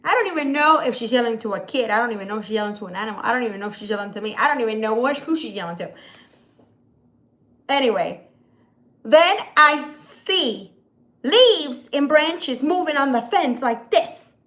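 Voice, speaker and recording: Vlogger woman on a phone camera at home, rambling and exasperated, voice sitting a bit high. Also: lively intonation, normal speed, fairly bright tone. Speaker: creator hosting a live video. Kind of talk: rambling casual vlog chat. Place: at home, hot day.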